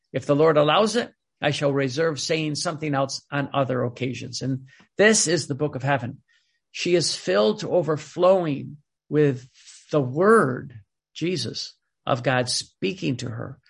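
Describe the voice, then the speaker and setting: Gravelly, husky man preaching. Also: on the high side. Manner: emphatic, often restarts and repeats words. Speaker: preacher reading from a spiritual book. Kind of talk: informal sermon with readings.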